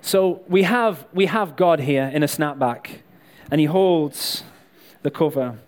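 Speaking slowly in a voice on the high side, a man gives a sermon built around live props and volunteers. He's chatty and jokey, talking directly to the crowd and bringing people up to help.

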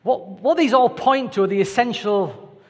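A man's voice: very high-pitched, moderate pace. A man preaching a sermon in a conversational, anecdotal way with playful asides. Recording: reverberant hall.

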